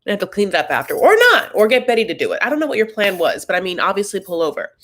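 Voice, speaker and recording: A woman hosting a casual live recap, chatty and tangential, with sudden animated jumps up in pitch. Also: very fast. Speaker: host.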